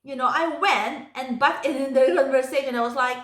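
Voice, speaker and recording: A woman's voice: high-pitched, a little fast, hardly any pauses, fairly bright tone, reverberant. A woman from the Philippines with a Filipino accent, telling stories in a casual vlog and laughing often. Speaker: vlogger.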